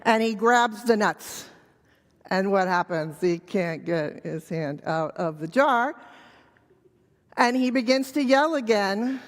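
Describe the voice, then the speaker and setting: A woman telling a children's story gently and slowly to a church congregation. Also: medium pitch, expressive. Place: church sanctuary. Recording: reverberant church hall.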